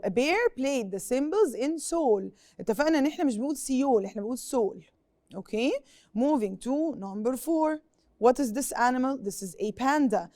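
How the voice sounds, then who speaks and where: A woman's voice: a little high, warm tone, dry recording. A young Egyptian woman teaching an English lesson on TV, asking pupils questions and repeating each point in Arabic. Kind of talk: TV classroom lesson.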